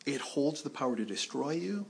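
A man's voice: medium pitch, sing-song, normal speed, gravelly, a little hiss or hum. A man preaching a sermon in a conversational way, often restarting his sentences. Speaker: pastor.

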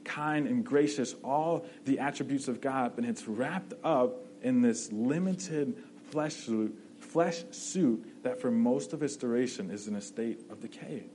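A man's voice: mid-range voice, measured pace, hardly any pauses, darkish tone, a little hiss or hum, poor audio. A man preaching a sermon in a conversational way, often checking in with "right?" and restarting his phrases.

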